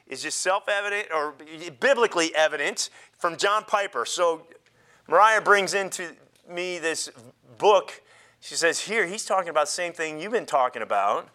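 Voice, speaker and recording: A man pastor preaching a sermon in an animated way, joking and laughing with the congregation. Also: high voice.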